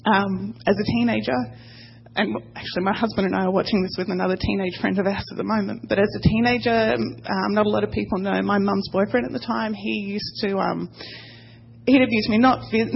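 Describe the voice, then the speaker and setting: A woman sharing a halting, emotional personal testimony with a church congregation. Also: mid-range voice, creaky, highs cut off, a little hiss or hum. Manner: emotional but tenacious, halting.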